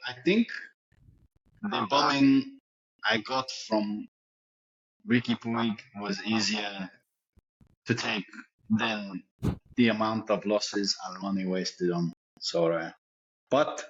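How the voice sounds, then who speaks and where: A man's voice: fairly low pitch, fairly bright tone, breathy edge, highs cut off, exaggerated voice. A man voicing a boastful fake French football star, with a put-on French accent that slips into Yorkshire and a pompous, crude manner. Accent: put-on French accent slipping into Yorkshire. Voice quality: pompous, crude, self-satisfied bragging. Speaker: podcast co-host doing an impression.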